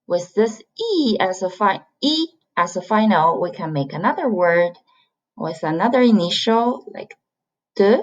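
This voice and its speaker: A woman's voice: fairly low pitch, lively intonation, unhurried. A woman from China, teaching a beginner pronunciation lesson and patiently repeating sounds to model the tones. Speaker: Chinese language teacher. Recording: slightly dull lo-fi recording.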